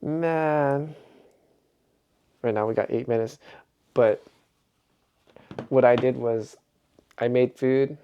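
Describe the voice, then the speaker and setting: A man's voice: medium pitch, fairly even intonation, slow, pauses often, smooth, highs cut off. A middle-aged man vlogging in a rambling, reflective way, chuckling often as he talks. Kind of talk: casual vlog monologue.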